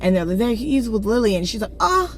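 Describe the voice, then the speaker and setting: A woman casually retelling a novel's plot, slangy and blunt, jumping into characters' lines with quick voice changes. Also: mid-range voice, slight background noise. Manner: animated, acts out characters' lines in quick voice shifts; slangy, blunt asides and swearing. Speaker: book reviewer.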